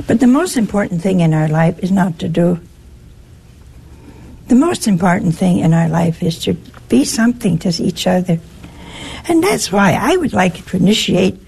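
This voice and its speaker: Gravelly, husky woman telling stories. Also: lowish voice, darkish tone. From United States. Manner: chatty, anecdotal, teasing. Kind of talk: folksy spoken talk to a live audience.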